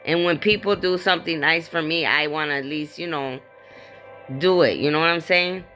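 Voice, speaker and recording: Middle-aged mom telling what happened, bright sharp voice, raw and emotional, quotes herself a lot. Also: female voice, sits low, moderate pace, faint music behind. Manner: vivid retelling with quoted speech and many fillers. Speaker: grieving mother. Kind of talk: personal testimony.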